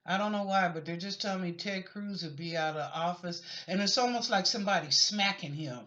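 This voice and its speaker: A woman's voice: on the low side, brisk, a bit bright. Chatty psychic woman, lo-fi recording. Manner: chatty, rambling, apologetic asides. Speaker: psychic reader answering viewer questions. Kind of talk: casual spoken reading of questions. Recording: lo-fi dull recording.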